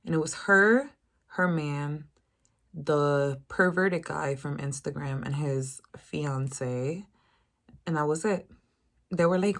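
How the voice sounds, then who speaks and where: A young woman in her twenties tells a storytime rant in a low voice. She swears freely and stays animated throughout, jumping higher whenever she mimics the people she quotes. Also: slow pace, long pauses. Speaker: vlogger.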